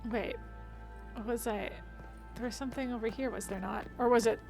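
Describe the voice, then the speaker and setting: A woman's voice: on the high side, fairly even intonation, brisk, vocal fry, over music. A woman streaming a video game, chatting to herself and chat as she plays and laughing often. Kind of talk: casual let's-play commentary.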